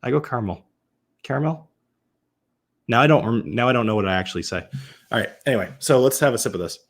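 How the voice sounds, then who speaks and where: A man's voice: mid-range voice, lively intonation, racing, fairly bright tone. A man from Massachusetts hosting a casual live-stream whiskey tasting, chatting loosely, often restarting and correcting himself as he answers viewers. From Massachusetts, USA.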